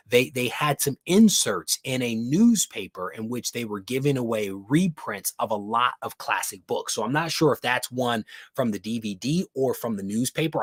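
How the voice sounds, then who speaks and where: A chatty man hosts a live comic book show at his desk, reading out viewer comments and greeting people as brother. His voice sits at an ordinary pitch and sounds dry and close, with no room around it. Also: dry recording. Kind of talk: casual livestream chat.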